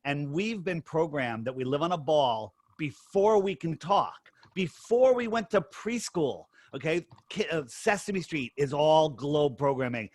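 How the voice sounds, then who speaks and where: A middle-aged man tells his story with emphasis, in quick bursts as a podcast guest. His voice sits a little high for a man. The sound is dry and close, with no room echo. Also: expressive. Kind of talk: casual interview talk.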